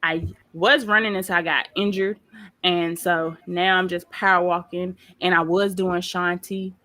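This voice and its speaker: A woman guest on a podcast, chatting casually and telling animated stories, often laughing. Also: lowish voice, a little slow. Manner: lively storyteller, acts out quotes in voices; laughs often while talking. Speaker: guest, pastry chef.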